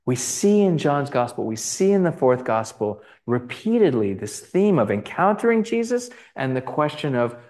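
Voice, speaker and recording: Male teacher, mid-pitched voice, talking through gospel art to a class, halting and chatty with frequent "right?" check-ins. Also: sing-song, a little mellow. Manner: conversational, many fillers and restarts, checks in with "right?". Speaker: Bible teacher. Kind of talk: lecture on gospel icons.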